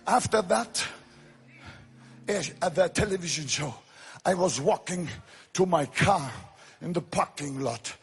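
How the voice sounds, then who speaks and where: A man preaching an evangelistic sermon, shouting at the high points and dropping low to tell stories. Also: a little slow, gravelly, long pauses, slightly rough. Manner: impassioned, shouting at climaxes, then dropping to quiet storytelling.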